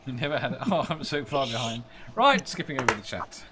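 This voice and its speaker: Lively bright-voiced man hosting. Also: medium pitch, moderate pace, a little hiss or hum. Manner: laughs often, reads chat aloud. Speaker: podcast host. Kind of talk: casual chat.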